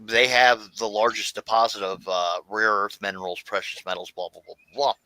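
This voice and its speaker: A man's voice: lowish voice, fairly even intonation, moderate pace, bright, forceful tone, no room sound, rough recording. A man from Florida chatting casually as a guest, rambling with many fillers and restarts. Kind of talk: casual livestream chat.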